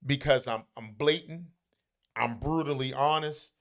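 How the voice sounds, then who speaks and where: A man's voice: mid-range voice, a little slow, a bit bright. A man talking casually, blunt and profane, with emphatic, brash delivery. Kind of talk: casual chat.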